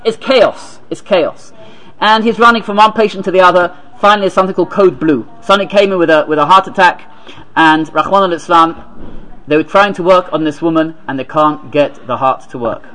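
A man giving a sermon as a rabbi, halting and repeating words, then reading a story aloud. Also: on the high side, a bit bright, poor audio.

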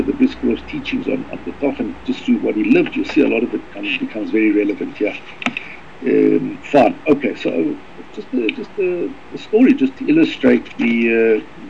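A man teaching a Torah lesson, talking quickly with many halting repeats and reading Hebrew passages fast. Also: mid-range voice, vocal fry, a little mellow. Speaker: rabbi teaching a Torah class. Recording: dull lo-fi recording with faint noise.

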